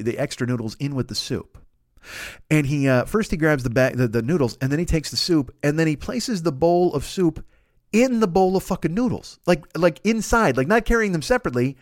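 A man spins a rambling, foul-mouthed comic story and slips into the voices of everyone in it. His voice sits high and swings widely in pitch. The recording is dry and close, with no room sound. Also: dry recording. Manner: animated, swearing, acts out both sides of the dialogue. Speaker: podcast host.

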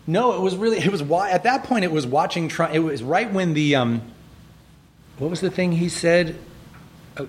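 A middle-aged man chatting as a guest in an interview, animated and acting out quoted lines with laughter. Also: fairly high pitch, moderate pace. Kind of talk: casual interview chat.

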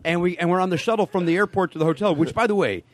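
A middle-aged man, a podcast guest, telling comic stories in casual chat and putting on gruff voices for the people he quotes. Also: high voice, racing. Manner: animated storyteller who slips into gruff voices for the people he quotes.

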